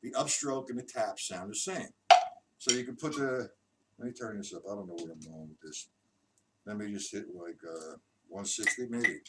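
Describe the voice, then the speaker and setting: Over loud background noise and a distant mic, a man with a lowish voice teaches drums on a live stream. He speaks at a moderate pace, casually counting out the beats as he goes.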